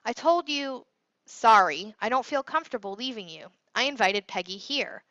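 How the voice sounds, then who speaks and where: A caring but firm middle-aged father, voiced by a woman reading a novel aloud, laying down the rules with fatherly warmth. The tone stays bright and close to her own. The sound is dry and a little dull. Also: on the high side, expressive, normal speed, no echo.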